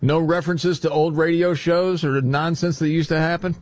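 A man's voice: on the high side, steady tone, moderate pace, no echo. A man hosting a talk radio show, moving the segments along and giving blunt, mocking opinions in casual chat. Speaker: radio host.

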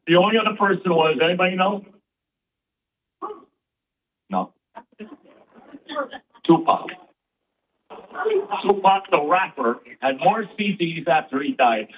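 A man doing stand-up comedy on stage, bantering quickly and playfully with the crowd. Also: high voice. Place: stage before a live audience. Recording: tinny far-off stage recording with music.

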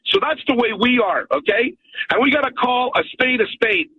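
A man's voice: very high-pitched, animated, normal speed. A Montreal-accented Canadian man calling into a radio show, ranting emphatically and punctuating his points with "okay?". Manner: emphatic, repeats "okay?" often. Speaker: caller. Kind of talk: call-in radio rant. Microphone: telephone. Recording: tinny phone line.

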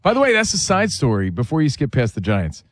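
A man's voice: medium pitch, wildly swooping pitch, fairly quick, no room sound, clean studio sound. A man co-hosting a sports talk show, giving breezy, assured takes on teams and joking around. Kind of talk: casual sports debate.

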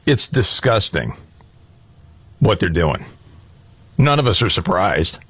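A man's voice: low voice, big pitch swings, slow pace, fairly bright tone, husky, dry recording. A man hosts a casual political talk show, blunt and indignant as he argues his points. His voice rises and falls a great deal. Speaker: podcast host.

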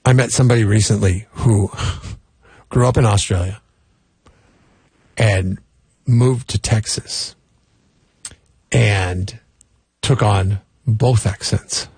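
A man's voice: lowish voice, steady tone, slow pace, long pauses, a little mellow, husky, no echo. A man co-hosting a casual podcast chat, making wry, dry remarks.

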